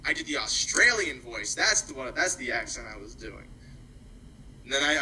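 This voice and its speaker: A man's voice: on the high side, bright, forceful tone, a little hiss or hum, poor audio. A man hosting a live harness racing stream, joking in a rambling way, then calling the race. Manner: jokey, rambling, laughs at himself. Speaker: host and race caller.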